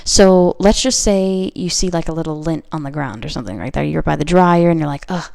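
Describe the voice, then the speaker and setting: A woman's voice: low voice, brisk, vocal fry, darkish tone. A young woman giving a casual tarot reading to camera, chatty and full of "like" and "okay?". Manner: chatty, heavy use of "like" and "okay?". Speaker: tarot reader.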